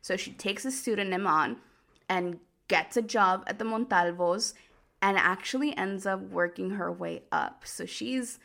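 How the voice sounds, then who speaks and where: A woman hosts a casual podcast episode, retelling a telenovela storyline in a loose, chatty way. Her voice has a steady middle pitch with plenty of vocal fry, and she sprinkles in "like" and amused side comments as she talks. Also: unhurried. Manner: chatty, heavy use of "like", amused asides. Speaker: podcast host. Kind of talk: casual recap of a telenovela plot.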